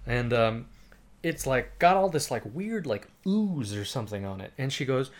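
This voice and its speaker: A man chatting casually at a mid-range pitch, drifting through a long anecdote. He talks loosely, with frequent fillers and plenty of casual swearing. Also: big pitch swings, moderate pace. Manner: rambling storyteller, swears freely. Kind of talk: casual chat.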